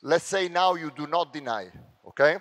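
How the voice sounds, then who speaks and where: An Italian-accented man coaches players through defensive drills, mixing brisk explanations with sharp shouted cues. His voice sits a little high for a man. The sound carries the long reverb of a large gym. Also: animated. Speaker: basketball coach. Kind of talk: on-court coaching clinic.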